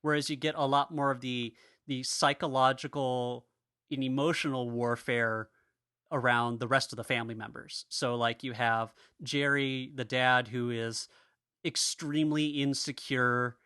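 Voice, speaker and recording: A man's voice: mid-range voice, steady tone, unhurried, sharp tone, smooth, dry recording, studio quality. A man co-hosting a podcast, talking in a rambling, casual way with frequent restarts and laughter. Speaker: podcast co-host.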